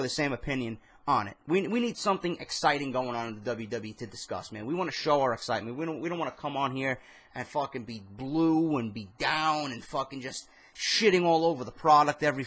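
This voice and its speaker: A man's voice: medium pitch, a bit bright. Young man, New York accent, tired and a few beers in; rambling, profane vlog rant to camera. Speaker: wrestling vlogger. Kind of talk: casual ranting commentary to camera. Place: home, indoors, late night. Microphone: camera mic.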